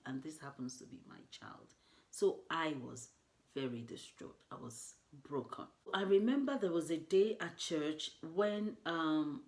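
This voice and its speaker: Earnest mother telling her story. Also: low voice. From Nigeria. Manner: earnest and emotional, with many "you know" asides. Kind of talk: personal storytelling vlog.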